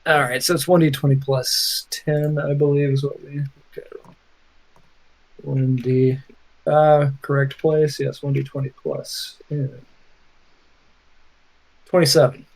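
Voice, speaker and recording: A man's voice: a little high, flat delivery, a little slow, long pauses, rough recording. A man playing a tabletop game, thinking aloud in a hesitant, casual way. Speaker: player.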